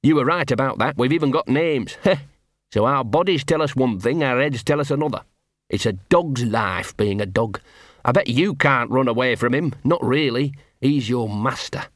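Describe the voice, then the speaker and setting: Scruffy talking dog played by a male narrator, nervous and wordy, bit higher than plain speech, dry booth. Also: moderate pace, dry recording, natural voice. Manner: rambling, ungrammatical street talk, repeats himself.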